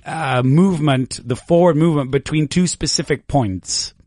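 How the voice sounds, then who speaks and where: A man's voice: on the high side, moderate pace, a little mellow, no echo, clean studio sound. A man teaching English vocabulary in a casual, playful lesson, encouraging his student and laughing often.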